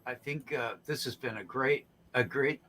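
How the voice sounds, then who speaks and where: A man hosting a casual show, talking in a halting way with restarts and fillers. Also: medium pitch, bright, forceful tone, a little hiss or hum. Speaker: host.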